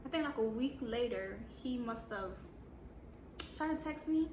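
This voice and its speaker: A young Jamaican woman talking through a storytime vlog in a blunt, sassy, slangy way, her voice sitting a little high. She sounds like she's in an echoey room with steady background noise. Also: unhurried. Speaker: vlogger.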